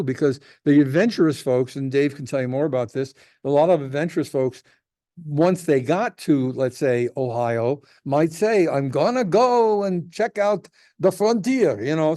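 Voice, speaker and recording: A man's voice: fairly high pitch, moderate pace, warm tone, dry recording, studio quality. A man, a rabbi, teaching a casual class, telling jokes and rambling with lots of restarts.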